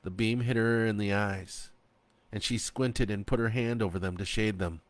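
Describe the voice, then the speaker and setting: A man narrating his own horror story in a slow, expressive reading. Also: fairly low pitch, dry recording.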